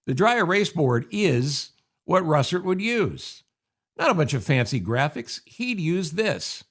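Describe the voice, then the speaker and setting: A man's voice: on the high side, very animated, a little slow, fairly bright tone. An older man from upstate New York hosting his podcast in a chatty, wry monologue from his office, full of sarcastic asides. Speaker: podcast host. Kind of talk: casual monologue. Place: home office.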